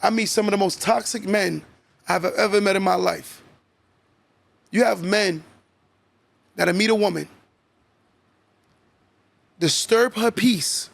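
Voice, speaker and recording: A man with a high, gravelly voice delivers a motivational sermon-style talk on his podcast. He repeats his points and keeps asking "right?" for emphasis. The recording is dry and close, with no room sound. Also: fairly even intonation, a little slow, pauses often, no room sound. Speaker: podcast host.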